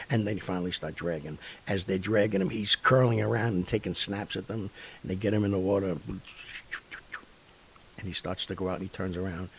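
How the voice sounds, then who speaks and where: A man hosts a casual storytelling show with a low, gravelly voice. He has a husky edge and rambles animatedly, with plenty of fillers and sound effects. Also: rough recording. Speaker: radio show host.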